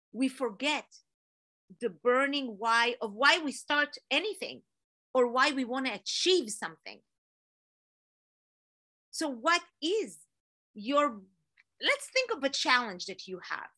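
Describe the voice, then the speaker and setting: A woman giving an energetic, animated motivational talk to an online audience, telling a story with rising emphasis. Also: a little high. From Israel. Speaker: motivational speaker.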